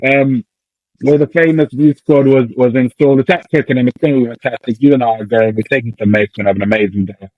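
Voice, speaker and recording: Man, podcast co-host, animated jokey rant, muffled lo-fi sound, dry. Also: mid-range voice, fast, dry recording. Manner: animated, swearing, jokey rants. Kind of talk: casual rugby chat.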